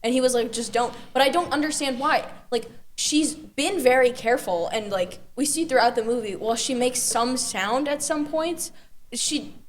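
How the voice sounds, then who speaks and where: Rambling young woman, higher voice. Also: normal speed, slight background noise. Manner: rambling, peppered with "like". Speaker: podcast co-host. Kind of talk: casual chat.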